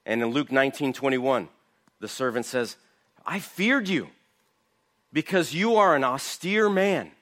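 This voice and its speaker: A man's voice: mid-range voice, animated, unhurried, long pauses, fairly bright tone. A man giving an emphatic verse-by-verse Bible teaching, asking his listeners questions. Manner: emphatic, asks the audience rhetorical questions.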